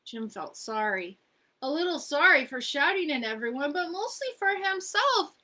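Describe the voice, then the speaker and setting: A woman librarian reading a picture book aloud at a children's storytime, gentle and expressive. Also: high-pitched, moderate pace.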